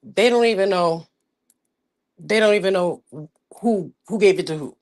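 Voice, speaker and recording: A woman hosting a livestream in a casual rant, profane and emphatic, dropping to low mutters and rising to loud outbursts. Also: normal speed, no echo. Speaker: livestream host.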